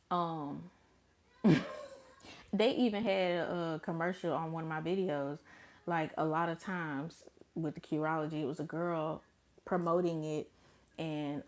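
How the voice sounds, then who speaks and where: A young woman telling a story to her vlog camera in casual chat, blunt and profane, acting out her own remarks with big swings in her voice. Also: low-pitched. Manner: animated, blunt and profane, with dramatic quoted asides. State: pregnant. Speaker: vlogger.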